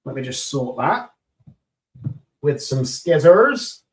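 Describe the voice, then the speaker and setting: A man with a British accent chatting enthusiastically on a live stream while demolding resin pieces, a little croaky after hours of talking. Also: mid-range voice, sing-song, takes it slowly. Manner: chatty and enthusiastic, greeting viewers.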